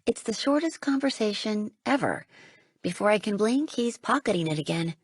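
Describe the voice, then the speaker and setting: A woman reading a first-person audiobook, with a slightly husky, gravelly voice that rises for dialogue. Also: mid-range voice, animated, moderate pace, no echo. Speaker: audiobook narrator.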